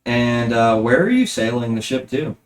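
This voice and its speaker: A man running a tabletop game as game master, narrating in a relaxed, rambling way with many fillers. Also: medium pitch, moderate pace.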